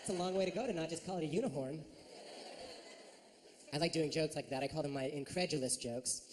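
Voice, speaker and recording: A man doing a stand-up comedy set on a club stage, animated and full of silly voices and sound effects. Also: a little high, fast, big-room sound, slight background noise. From United States.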